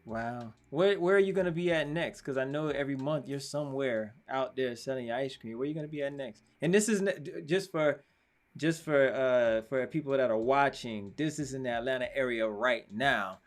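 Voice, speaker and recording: A man's voice: medium pitch, moderate pace. A man hosting a casual interview, encouraging his guest with frequent affirmations. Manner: encouraging, lots of "wow" and "yeah". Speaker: show host.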